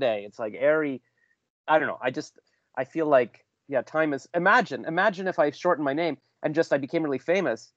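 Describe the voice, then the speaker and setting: A man's voice: fairly high pitch, no room sound, dull audio. Rambling, joking man hosting a video-call show. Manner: rambling, self-deprecating, jokey. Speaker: podcast host. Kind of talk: casual video-call interview.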